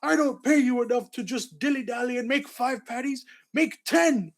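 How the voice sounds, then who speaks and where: A man voicing a greedy, bossy old crab restaurant boss, barking orders in a high pirate-like voice. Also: moderate pace.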